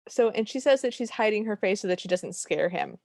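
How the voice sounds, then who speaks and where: Wry woman co-host, mid pitch, sardonic, dry close mic. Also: a little fast, darkish tone, dry recording. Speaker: podcast co-host. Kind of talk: casual film recap chat.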